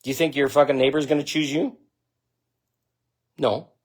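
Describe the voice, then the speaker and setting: A man talking straight to camera in a spiritual monologue, blunt and profane, swinging between loud outbursts and low, intense delivery. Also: steady tone, moderate pace. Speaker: spiritual vlogger.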